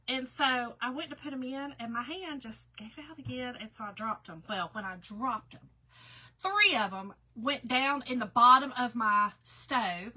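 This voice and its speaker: Chatty woman with a bright voice. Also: on the high side, low-quality recording. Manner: chatty, folksy, reads out viewer names. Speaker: craft livestream host. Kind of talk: casual livestream chat while crafting.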